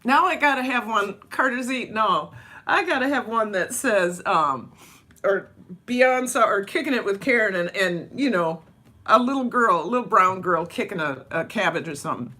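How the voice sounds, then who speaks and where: A woman's voice: medium pitch, animated, moderate pace, bright, forceful tone. A woman vlogging casually over breakfast at home, chatty and rambling, laughing often. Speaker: vlogger and dance teacher.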